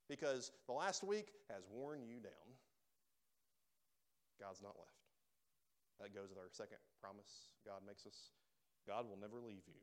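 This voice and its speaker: A man preaching a sermon to a church, emphatic and emotional, rising to loud pleas and dropping to soft, quiet lines. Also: lowish voice, unhurried, long pauses. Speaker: pastor. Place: church sanctuary.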